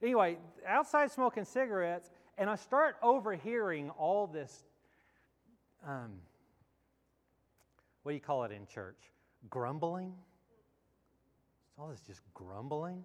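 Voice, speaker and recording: A man's voice: fairly high pitch, animated, slow, pauses often. A man pastor giving a sermon, telling a story in a conversational, reflective way. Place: church sanctuary. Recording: long church hall reverb.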